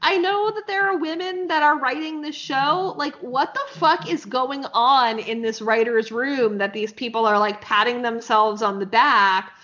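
Woman podcast co-host, higher voice, frank and sarcastic, swears casually, lo-fi sound. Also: unhurried, hardly any pauses, pushed and bright. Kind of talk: casual chat, recapping a TV episode. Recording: slightly dull, lo-fi podcast audio.

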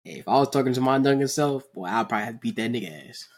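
A young man casually chatting on a podcast, animated and profane, acting out characters between laughs. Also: medium pitch, very fast. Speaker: podcast host.

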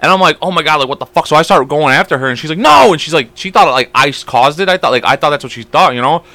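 Young male podcast host; fast, bright, crude storyteller, close dry mic. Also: a little high, no echo. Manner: fast, animated storytelling with lots of swearing. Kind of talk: casual podcast chat.

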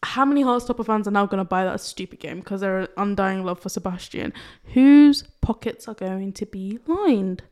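A woman's voice: mid-range voice, normal speed, few pauses, darkish tone. A young woman with a British accent co-hosting a podcast, ranting in casual chat with swearing and frequent laughter. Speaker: podcast co-host.

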